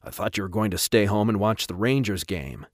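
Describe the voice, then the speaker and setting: A stern middle-aged father, read by a male narrator, scolds in a firm, low voice. The reading stays close to the narrator's own deep tone. The sound is dry and close. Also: lively intonation, fairly quick, dry recording. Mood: scolding.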